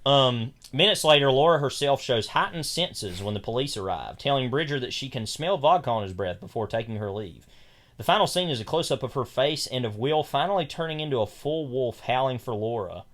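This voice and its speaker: A man's voice: mid-range voice, expressive, a little fast, a bit bright. A young man talking films in a loose, rambling podcast chat. His voice sits in an ordinary middle register. He circles his point with fillers and restarts. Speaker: podcast co-host. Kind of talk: casual film discussion.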